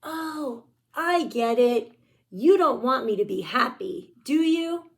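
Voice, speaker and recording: A woman's voice: high-pitched, animated, takes it slowly, full character voice. A woman voicing a pushy male pigeon from a picture book, wheedling and dramatic as he begs. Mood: sulky. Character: pushy pleading male pigeon, storybook bird.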